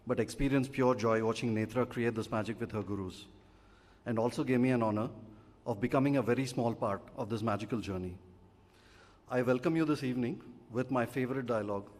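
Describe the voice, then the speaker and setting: A man, a father giving a measured, heartfelt prepared speech at a stage event. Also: medium pitch. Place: large auditorium. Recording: long reverb of a live auditorium.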